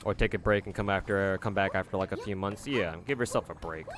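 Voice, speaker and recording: Brief: casual male streamer, low voice, rambling chat with fillers, faint hiss behind. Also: fast, fairly bright tone.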